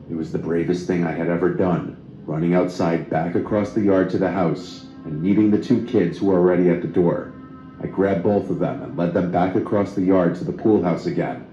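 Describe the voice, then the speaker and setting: A man narrating a true horror story in a steady, even reading voice. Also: low voice, a little hiss or hum. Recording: roomy, slightly dull, faint music.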